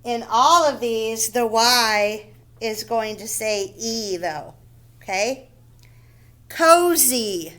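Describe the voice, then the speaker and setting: A woman teaching first graders in a recorded phonics lesson, with a voice a little higher than most. She speaks slowly and deliberately, repeating each word and spelling it out letter by letter. She often checks in with "okay?" and "right?". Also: expressive, a bit bright.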